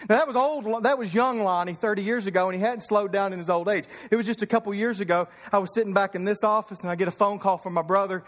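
Pastor, man, thirties, from Kentucky; fervent sermon with stories, high voice, echoing church hall. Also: fast, hardly any pauses, a bit bright. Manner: fervent preaching with storytelling.

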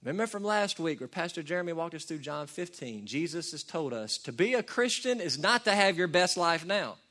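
Animated man preaching a sermon. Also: on the high side, brisk. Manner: animated, swings between loud emphatic peaks and quiet asides; preaches verse by verse, folksy and conversational. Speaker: pastor.

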